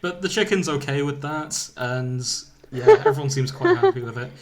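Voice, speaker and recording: A man's voice: a little high, wildly swooping pitch, moderate pace. Giggly man retelling a silly story. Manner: amused, laughing often, stumbling over words. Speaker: podcast host. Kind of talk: casual comic retelling of fan fiction.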